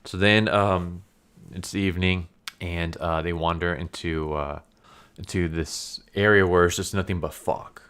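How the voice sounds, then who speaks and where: A man's voice: sits low, fairly even intonation, measured pace, a bit bright, clear, resonant tone. A man casually recapping a comic story, rambling with many fillers and frequent laughs. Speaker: comic book review YouTuber.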